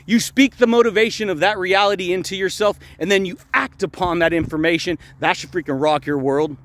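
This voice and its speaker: Hyped high-voiced man preaching outdoors. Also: fairly quick, a bit bright. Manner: hyped, slangy, repeats "dude" and "baby". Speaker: motivational speaker. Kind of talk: casual vlog monologue. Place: walking outdoors.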